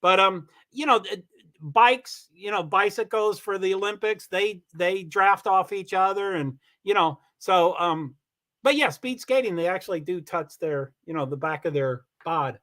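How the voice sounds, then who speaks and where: A man's voice: sits high, measured pace. Rambling, chatty man streaming live. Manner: rambling, chatty, swears when excited. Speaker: livestream host. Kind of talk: casual livestream race commentary. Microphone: computer mic on a streaming call.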